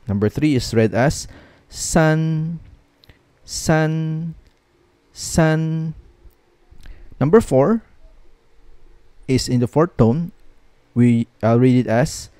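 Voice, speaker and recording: A man's voice: mid-range voice, warm tone, dry recording. A man teaching a language lesson, patiently repeating each word three times.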